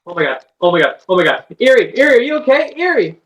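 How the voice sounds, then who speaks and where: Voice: medium pitch, animated, normal speed, roomy sound, natural voice, low-quality recording. GM voicing a coarse, mocking prankster for a tabletop game. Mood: panicked. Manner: teasing, blunt, coarse. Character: crude flippant prankster man.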